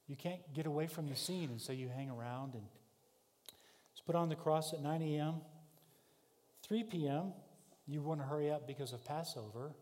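Man preaching in a reverberant hall. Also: fairly high pitch. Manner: vivid second-person storytelling, shifting from shouts to hushed tones. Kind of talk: sermon.

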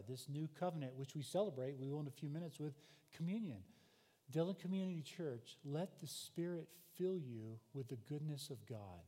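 A man's voice: a little high, dark tone. A male pastor preaching a sermon, explaining scripture emphatically and asking the congregation rhetorical questions, in a church. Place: church sanctuary. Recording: long hall reverb.

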